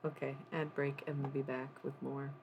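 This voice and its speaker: A woman with a deep, gravelly voice chats casually on a live stream. She rambles and muses aloud, swearing freely as she goes. There is a faint hiss of background noise. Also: level tone, normal speed, a little mellow, rough recording. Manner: rambling, profane, musing aloud.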